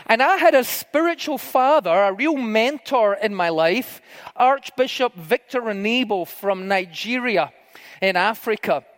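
A man's voice: high-pitched, lively intonation, unhurried, fairly bright tone. Middle-aged male preacher in a reverberant hall. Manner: conversational storytelling with fillers, swinging to emphatic pleading. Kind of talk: sermon.

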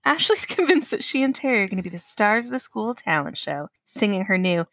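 A woman's voice: medium pitch, sing-song, brisk, fairly bright tone, dry recording. A woman co-hosting a podcast in casual chat, joking and teasing in a playful way. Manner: playful, joking, self-mocking. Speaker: podcast co-host.

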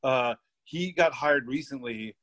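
On a podcast, a young male guest rambles through stories from work, laughing, swearing and piling on filler words in a casual chat. He speaks unhurriedly in a mid-range, slightly bright voice.

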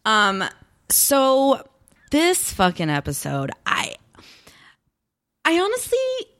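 A woman co-hosting a casual podcast, her pitch swinging widely as she talks. She is animated and profane, peppering her speech with "like". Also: slow pace. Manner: animated, swearing, frequent "like". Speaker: podcast co-host. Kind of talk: casual chat.

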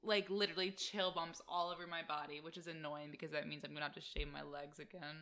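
A woman's voice: deep voice, little pitch movement, fast, a crowd in the background. A young adult woman co-hosting a casual podcast, chatting eagerly about a reality show with lots of "like". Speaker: podcast co-host.

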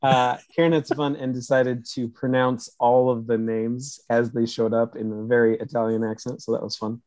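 A man's voice: medium pitch, level tone, moderate pace, darkish tone, no echo, poor audio. A man co-hosting a casual film podcast, going through his list of notes with dry jokes. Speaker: podcast co-host. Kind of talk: casual chat.

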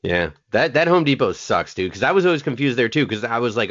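A man's voice: on the low side, lively intonation, quick pace, hardly any pauses, fairly bright tone, dull audio. A man co-hosting a casual comedy podcast, crude and profane, laughing through his stories.

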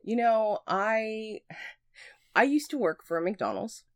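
A woman's voice: on the high side, animated, slow, no room sound, studio quality. A woman co-hosting a podcast who chats easily, laughs often and tells stories about her own experiences. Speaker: podcast co-host. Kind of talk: casual podcast chat.

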